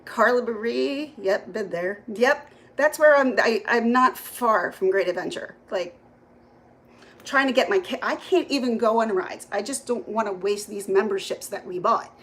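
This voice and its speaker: A woman's voice: fairly high pitch, moderate pace, a bit bright, low-quality recording. Chatty woman live-streaming from her phone. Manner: chatty, greets viewers by name, laughs often. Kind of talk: casual live-stream chat. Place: home kitchen.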